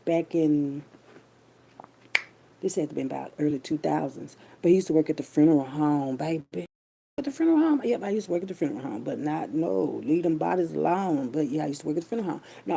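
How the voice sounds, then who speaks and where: A woman's voice: sits low, creaky, dark tone, slight background noise. A middle-aged woman telling a story to her listeners in a chatty, loose way. She uses heavy slang and calls her listeners baby and child. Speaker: vlogger. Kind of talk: casual storytelling monologue.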